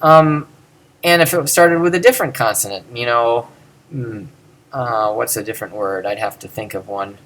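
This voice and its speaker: A man gives a home-recorded lesson on Greek pronunciation at his computer. He thinks aloud as he goes, halting with fillers and restarting sentences as he works through examples. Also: mid-range voice, a bit bright. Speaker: teacher.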